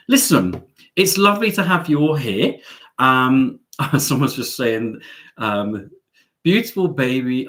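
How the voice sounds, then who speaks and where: A man's voice: mid-range voice, fairly bright tone. A man hosting a chatty live stream from home, playful and camp, teasing his audience.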